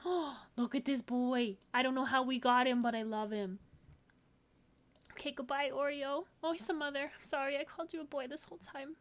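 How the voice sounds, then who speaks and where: A woman with a high, bright voice narrates her game session. She gushes over each virtual pet and slips into squealing baby talk. Her voice sounds a little strained from excitement. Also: brisk. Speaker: gaming video creator.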